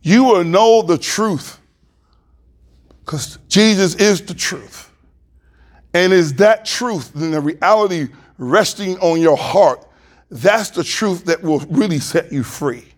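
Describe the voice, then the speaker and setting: A man preaching a sermon as pastor, reading scripture aloud and rising louder and higher to stress his points. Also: animated, slow.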